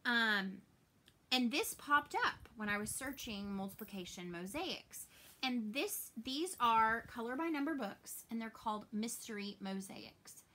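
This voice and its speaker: A woman in her thirties with a Southern American accent, chatting casually to camera in her cross stitch vlog from home, open and chatty, trailing off softly when sad. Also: on the high side, lively intonation, measured pace.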